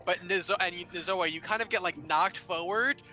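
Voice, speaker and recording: A man running a tabletop game as game master, narrating in a relaxed way with many fillers. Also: sits high, a little fast, lo-fi sound.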